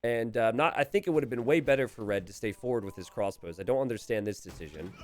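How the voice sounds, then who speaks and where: A man commentating a recorded strategy game match, animated and chuckling, calling out to the players. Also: mid-range voice, quick pace.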